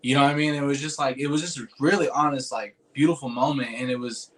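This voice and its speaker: Man, casual storyteller, rambling, slangy, cursing, earnest, mid-pitched voice. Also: fairly even intonation, fast, fairly bright tone. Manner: rambling and informal, heavy on "like" and "dude", swears freely; earnest and emotional when recalling a moving moment.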